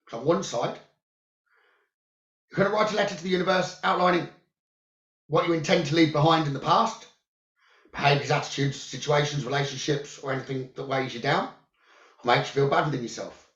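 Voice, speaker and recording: A man who works as a psychic medium, giving calm, soothing spiritual guidance about the new moon, crystals and journaling. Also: a little high, brisk, pauses often. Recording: roomy, dull lo-fi sound.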